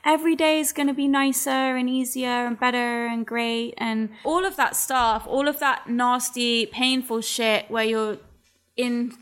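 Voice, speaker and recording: A woman with a slightly raised voice talks openly and emotionally in a relaxed conversation. She rambles, restarts and swears freely, her delivery heartfelt and unguarded. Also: on the high side, a little slow. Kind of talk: candid casual chat.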